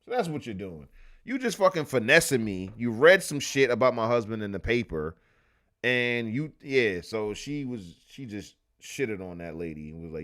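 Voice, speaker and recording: A man's voice: mid-range voice, big pitch swings, normal speed, fairly bright tone. A man hosting a casual livestream, reading old newspaper clippings aloud and retelling stories in loose, profane slang. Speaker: livestream host.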